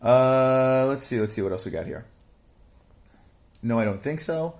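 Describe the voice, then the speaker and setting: A man talking loosely on a livestream, swearing at almost every turn and drifting from mocking asides into loud, exasperated rants. His voice sits at an ordinary middle pitch for a man. He reads viewer messages aloud and answers them off the cuff. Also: expressive, unhurried. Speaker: livestream co-host reading chat. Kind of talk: casual profane chat.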